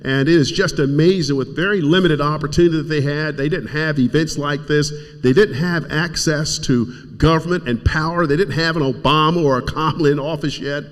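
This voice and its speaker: A man's voice: on the high side, brisk, few pauses. A middle-aged man from Kentucky giving an emotional speech at a community event, fighting back tears as he urges the audience on. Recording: reverberant hall sound.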